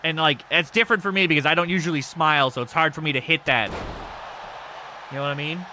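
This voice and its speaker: A man hosting a live stream, giving casual commentary on a wrestling game with excitable, crude joking. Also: on the high side, quick pace, a little hiss or hum. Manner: excitable, crude and joking, yelps at big moves.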